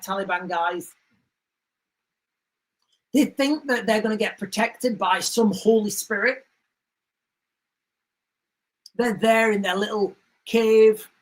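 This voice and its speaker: A man's voice: sits high, a bit bright, rough recording. A man hosting a livestream, talking in an emphatic, repetitive way and acting out stories with sound effects. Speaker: livestream host. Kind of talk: casual commentary livestream.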